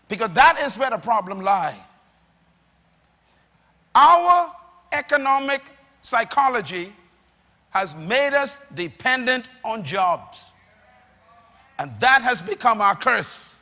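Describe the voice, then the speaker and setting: A man preaching a sermon to a live congregation, rousing them into call-and-response with bursts of shouting, recorded in a large church hall. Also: very high-pitched, expressive, a little slow. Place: church or auditorium. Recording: long reverb of a large hall.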